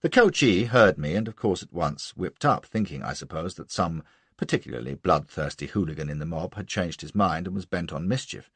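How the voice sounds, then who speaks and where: A man's voice: low-pitched, expressive, a little fast, a bit bright, slightly rough, dry recording. A man narrating a novel in the first person, with a brash, wry manner. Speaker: audiobook narrator.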